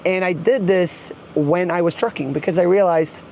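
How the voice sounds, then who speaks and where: A man's voice: high-pitched, normal speed, warm tone, a little hiss or hum. A man vlogging as a truck driver, chatting loosely and rambling with lots of fillers, filmed on a handheld camera by his truck and in the cab. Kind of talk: casual vlog walkthrough. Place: outdoors beside a truck, then in the cab.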